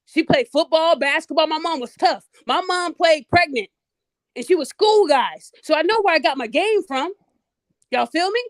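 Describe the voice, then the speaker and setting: A woman hosting a podcast, telling a story in a blunt, animated way and talking straight to her listeners. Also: sits high, normal speed, dry recording. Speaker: podcast host. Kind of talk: casual storytelling monologue.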